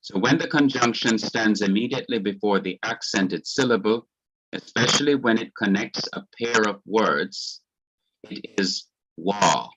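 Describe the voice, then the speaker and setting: A man with a Jamaican accent teaching a Hebrew grammar class, explaining each point slowly, patiently and carefully. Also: lowish voice, background noise.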